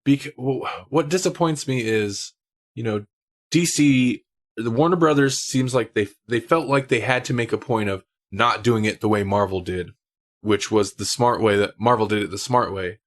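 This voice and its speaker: A man's voice: medium pitch, moderate pace. A man co-hosting a podcast, chatting casually and laughing often. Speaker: podcast co-host. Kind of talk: casual chat.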